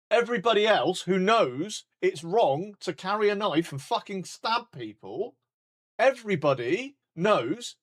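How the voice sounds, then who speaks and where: Sweary British man ranting, high voice. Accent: British English. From United Kingdom. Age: 40s. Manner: heated, sweary, blunt ranting. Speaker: streamer. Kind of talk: ranting live stream chat.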